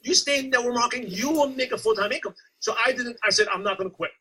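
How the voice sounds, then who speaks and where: A man giving a motivational coaching talk to a sales team, telling stories and acting out his past self with animated energy. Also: very high voice, fast, background noise. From United States. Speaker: network marketing coach.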